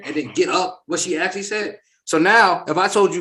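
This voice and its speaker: This host's voice sits high, and he talks fairly quickly with hardly any pauses. Leading a casual reaction discussion, he speaks emphatically and animatedly, performing quotes as he goes.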